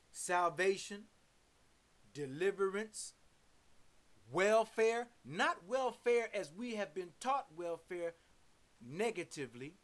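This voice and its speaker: Slow, emphatic woman preaching. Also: medium pitch. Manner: emphatic, repeats and lists words, stresses syllables. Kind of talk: sermon with scripture study.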